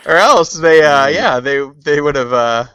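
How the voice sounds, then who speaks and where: Slow, lively-pitched male co-host. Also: clean tone, dry recording. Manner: laughs often, slow and expressive. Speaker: podcast co-host. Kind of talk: casual chat.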